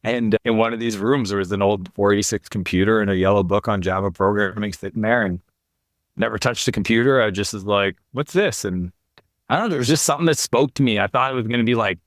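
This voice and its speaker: Deep-voiced man telling his story. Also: quick pace, dry recording, studio quality. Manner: earnest, confessional, quotes others in his story. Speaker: podcast guest, entrepreneur. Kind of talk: candid storytelling in an interview.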